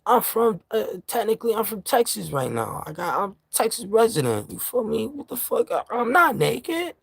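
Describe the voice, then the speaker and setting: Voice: mid-range voice, very animated, normal speed, gravelly, hardly any pauses, husky. A vlogger from New York ranting to camera in casual, profane street slang, heated and laughing by turns.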